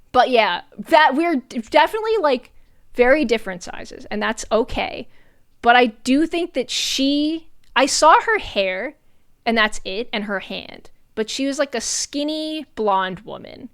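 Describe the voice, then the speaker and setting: A young adult woman streamer telling a story in casual chat, animated, swearing often and laughing between lines. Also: a little high, takes it slowly, smooth, no room sound, clean studio sound.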